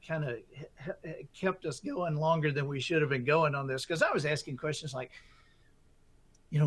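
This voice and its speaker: A middle-aged man telling a story as a guest author, lively and acting out his own inner voices. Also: a little high, fairly quick, husky. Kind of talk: animated storytelling.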